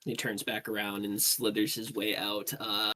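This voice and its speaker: A man with a lowish voice narrating a tabletop fantasy game as game master. He describes scenes at an easy, loose pace, full of "uh"s and "like"s. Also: completely flat delivery, moderate pace, sharp tone, faint music behind.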